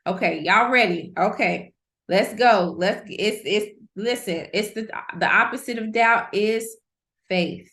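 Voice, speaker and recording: A middle-aged woman hosting an online masterclass, teaching in a lively, conversational way and repeating key points for emphasis. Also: medium pitch, slow. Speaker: host, coach. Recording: roomy echo.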